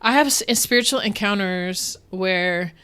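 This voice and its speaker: A woman from Dallas with a bright, crisp, smooth voice. She talks as an interview guest, earnest and animated, circling back with restarts as she tells personal stories. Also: mid-range voice, a little slow. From Dallas, Texas. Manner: animated, earnest, laughs often, many restarts. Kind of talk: candid interview storytelling.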